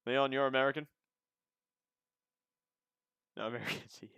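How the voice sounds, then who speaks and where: A man's voice: mid-range voice, steady tone, racing, creaky, fairly bright tone, clear, resonant tone, no room sound, clean studio sound. A man giving casual live sim racing commentary as host of the stream, chatty and joking with the viewers. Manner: chatty, joking, talks to chat.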